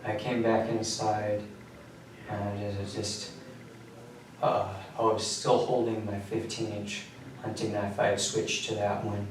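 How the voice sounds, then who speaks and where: A young man in his twenties, an inmate recounting events in a flat, matter-of-fact way during a prison interview. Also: on the low side, a little slow. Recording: very echoey room, distant mic, faint hum.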